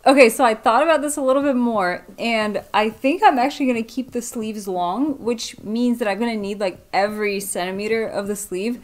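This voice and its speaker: A woman's voice: on the high side, fairly quick, few pauses. A woman vlogging a sewing project at home, thinking aloud casually with lots of "like" fillers and a self-deprecating manner.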